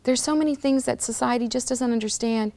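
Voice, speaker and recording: A woman in her sixties, a guest telling her personal story in an interview, earnest and slowing into a breathy near-whisper on emotional words. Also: fairly high pitch, darkish tone.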